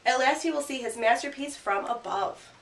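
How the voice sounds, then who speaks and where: A woman teacher giving a grammar lesson and reading a picture book aloud, speaking clearly and punching out the sound words. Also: sits high, normal speed, slight background noise. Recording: roomy sound from a distant mic.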